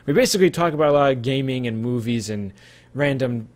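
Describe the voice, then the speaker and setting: A man's voice: medium pitch, quick pace. A man hosting a casual live-streamed podcast, rambling and correcting himself as he goes. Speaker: podcast host.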